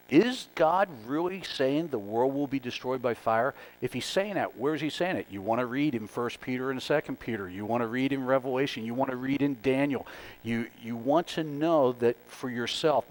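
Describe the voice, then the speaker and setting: A man's voice: medium pitch, low-quality recording. A male pastor giving a conversational, emphatic sermon and working through numbered points.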